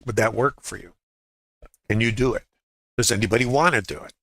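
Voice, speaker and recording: A man's voice: mid-range voice, a little fast, a bit bright, no room sound. A man leading a live trading lesson, walking through charts in a conversational way and asking viewers rhetorical questions. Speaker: trading educator. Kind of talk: live trading webinar walkthrough.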